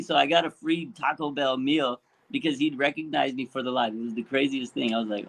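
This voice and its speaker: A man's voice: medium pitch, fast talker, creaky, hardly any pauses, poor audio. Brief: male sports talk co-host, chatty storyteller who laughs easily. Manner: chatty, laughs easily, tells fan stories.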